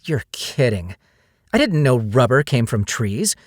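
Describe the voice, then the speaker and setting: A man's voice: medium pitch, very animated, a little slow, no room sound, studio quality. A man voicing a bubbly, playful young woman who teases as she talks, read in an audiobook.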